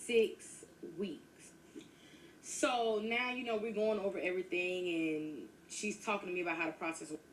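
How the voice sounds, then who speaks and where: A woman with a fairly low, fairly bright voice tells a personal story in a chatty, casual storytime style, calling her listeners "y'all." She talks briskly with an even intonation and barely pauses. The mic seems a bit distant, and a faint hiss sits underneath.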